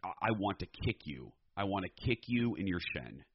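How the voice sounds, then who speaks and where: Male podcast co-host, deep, animated and sassy; dry, slightly muffled recording. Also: normal speed, breathy edge, no room sound. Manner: animated, campy, sassy asides. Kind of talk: casual chat.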